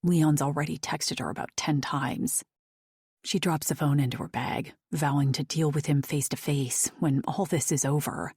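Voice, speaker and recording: Casting: woman audiobook narrator, low husky voice, soft hushed delivery, dry booth sound. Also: fairly even intonation, normal speed, no echo.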